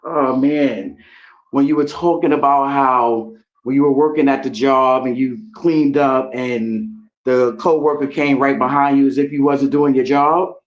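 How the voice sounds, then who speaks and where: A woman's voice: very deep voice, steady tone, measured pace. New woman calling in, lo-fi phone. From New York. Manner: chatty, storytelling. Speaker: caller. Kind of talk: casual phone call chat. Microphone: phone call. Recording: dull lo-fi phone call.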